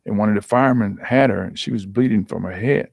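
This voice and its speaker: A man recounts a hard memory, earnest and halting, often starting his sentences over. His voice sits low. The sound is dry and close, with no room around it. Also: vocal fry, a little mellow, no room sound. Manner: earnest, halting with repeated restarts. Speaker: athletic trainer, guest. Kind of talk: emotional personal storytelling.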